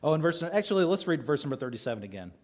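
Male pastor, slightly high voice, conversational sermon with scripture readings. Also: big pitch swings, racing.

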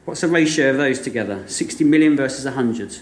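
A man preaching a sermon, retelling a parable with vivid, animated storytelling and frequent rhetorical questions. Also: medium pitch, fast. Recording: echoey room.

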